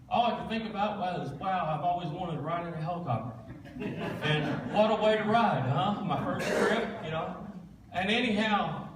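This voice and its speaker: A man's voice: high voice, fairly bright tone, a little hiss or hum. A man, a guest speaker giving a plain-spoken, folksy testimony during a church service. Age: 40s. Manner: plain-spoken storytelling, folksy Southern phrasing. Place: church sanctuary. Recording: echoey church room, distant mic.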